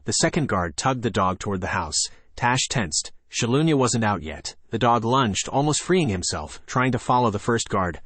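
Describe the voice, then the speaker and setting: A man reads a story aloud in a steady, measured voice. His voice sits low, and the recording is dry and close, with no room sound. He gives the characters light voices as he goes. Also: dry recording. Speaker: audiobook narrator. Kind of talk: scripted narration.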